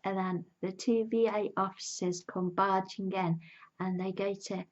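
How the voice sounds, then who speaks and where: A woman talks through a TV episode scene by scene in an easy, chatty way, dropping in little impressions of the characters as she goes. Her voice sits at a middling pitch. The recording is a bit dull and lo-fi. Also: fairly even intonation, unhurried, a little hiss or hum. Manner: chatty, enthusiastic retelling with fillers and quoted lines. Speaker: TV reviewer. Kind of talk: casual spoken recap.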